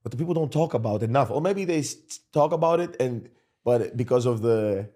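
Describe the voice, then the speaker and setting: A man's voice: medium pitch, expressive, brisk, warm tone. A man hosting a sports podcast, talking casually and animatedly, often repeating himself and restarting sentences. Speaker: podcast host, former basketball player.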